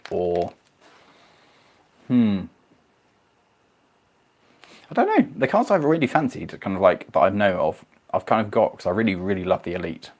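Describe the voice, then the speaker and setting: A man hosting a casual live stream, rambling and self-deprecating as he reads viewer comments. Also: deep voice.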